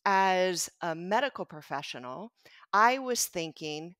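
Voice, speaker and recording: In a podcast guest spot, a middle-aged pediatrician recounts a personal story conversationally, with an earnest, reflective tone that turns animated during quotes from others. Her pitch is fairly low and her pace unhurried, captured in clean studio sound without room sound.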